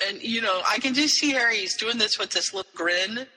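High, very bright-voiced man. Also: brisk, long reverb tail, poor audio. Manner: animated retelling with quoted voices. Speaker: podcast co-host. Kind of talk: casual chat recapping a story.

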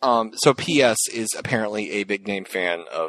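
A man co-hosting a podcast, telling rambling, animated stories in casual chat and acting out what people said. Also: lowish voice, moderate pace, no room sound, rough recording. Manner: rambling, animated storytelling with voiced quotes. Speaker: podcast co-host.

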